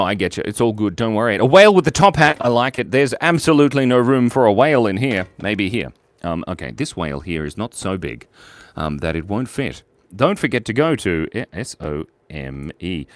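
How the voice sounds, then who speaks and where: A man streaming live as he draws viewers' requests, playful and giggly, reading chat messages aloud. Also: no room sound. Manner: swoops from squeaky highs to low mumbles.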